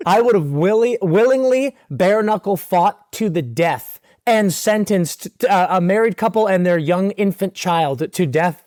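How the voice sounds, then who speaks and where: Young male co-host, over-the-top ranter, higher pitch, dead dry booth. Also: expressive, unhurried, hardly any pauses, a little mellow, dry recording. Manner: mock-outraged ranting, exaggerated. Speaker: podcast co-host. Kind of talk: casual comedic podcast banter.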